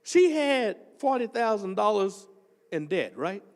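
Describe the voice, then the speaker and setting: An older man, preaching a testimony sermon as associate pastor and telling a story that builds up into shouting. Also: sits high, measured pace, big-room sound. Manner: animated storytelling, swells into shouting.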